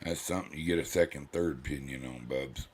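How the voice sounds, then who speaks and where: A man's voice: a bass voice, steady tone, a little fast, darkish tone, slightly rough. An older man chatting casually, a rambling, folksy storyteller with a cantankerous drawl. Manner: rambling storyteller, folksy, acts out quoted voices. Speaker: host. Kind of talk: casual chat.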